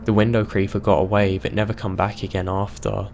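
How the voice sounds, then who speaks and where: A man reading reader-submitted horror stories aloud as a scripted narration, in a steady, measured way. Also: fairly low pitch, creaky, a little hiss or hum.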